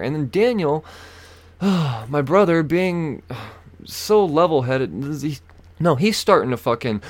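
A man's voice: on the high side, lively intonation, takes it slowly. A young man hosting a podcast, telling a story in casual chat, swearing heavily and acting out other people in a raised voice. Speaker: podcast host.

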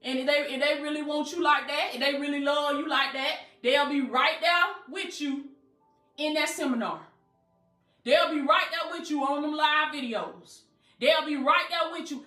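A woman's voice: sits high, moderate pace, pushed and bright, roomy sound, soft background music. A woman coach preaching motivationally, emphatic and colloquial, with call-and-response phrasing. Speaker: life coach.

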